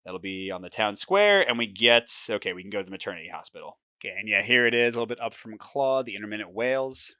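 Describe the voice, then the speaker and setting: A man's voice: fairly low pitch, animated, quick pace, hardly any pauses, sharp tone, no echo. A man hosting a board game playthrough, reading the horror story text dramatically and chatting casually about his moves. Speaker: board game channel host.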